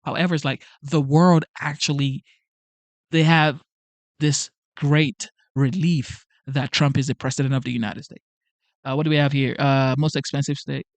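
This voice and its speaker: A man's voice: medium pitch, steady tone, normal speed, dry recording. Nigerian man chatting on a livestream. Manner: rambling, lots of "like" and "okay?". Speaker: livestream host. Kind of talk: casual chat reading viewer comments.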